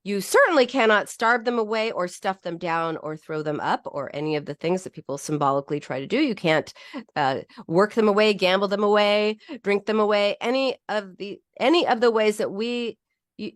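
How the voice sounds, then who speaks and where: A woman psychologist and podcast host gives a casual teaching monologue about feelings, speaking at a medium pitch and normal speed. She's animated, acts out quoted voices, and often restarts her sentences. The studio-quality recording has no echo.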